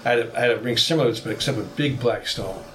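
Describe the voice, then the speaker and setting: A man, a podcast guest, telling a travel story in a vivid, animated way. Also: medium pitch, very fast, a little hiss or hum. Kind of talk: storytelling anecdote.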